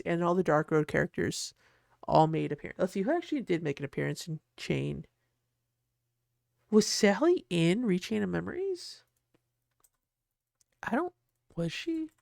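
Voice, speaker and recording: Gravelly, rambling host in a dry, close recording. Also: mid-range voice, dry recording. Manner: rambling, self-interrupting, laughs often. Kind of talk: casual commentary while designing.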